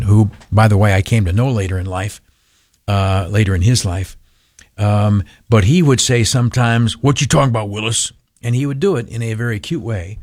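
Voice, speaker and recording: A man's voice: fairly low pitch, darkish tone, no echo, clean studio sound. An older man hosting talk radio, rambling with many fillers and turning blunt and indignant. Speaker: radio talk show host.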